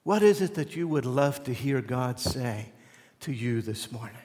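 A man preaching a sermon as pastor, moving between loud emphatic lines and hushed, almost whispered ones. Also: mid-range voice, expressive, measured pace. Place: church sanctuary. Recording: long reverb of a church hall.

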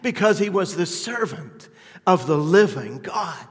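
Slow, fervent male preacher in a reverberant hall. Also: sits high, expressive. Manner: fervent, rising to emphatic peaks then dropping quiet. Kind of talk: sermon.

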